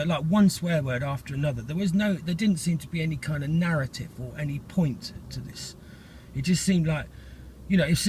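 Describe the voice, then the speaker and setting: A man's voice: fairly high pitch, slight background noise. A middle-aged man, talking in a casual, rambling vlog monologue full of fillers and restarts.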